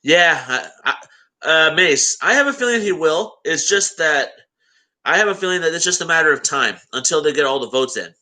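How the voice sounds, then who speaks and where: A man's voice: a little high, expressive, brisk, sharp tone. A young man hosting a casual live stream, chatting to his viewers and greeting them by name. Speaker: live-stream host reacting to election coverage.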